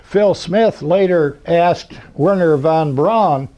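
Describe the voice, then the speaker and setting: Older male speaker, mellow but high-pitched; dry anecdotal talk on a muffled recording. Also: takes it slowly. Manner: dry humor, rambling with fillers. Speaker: convention speaker. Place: lecture hall.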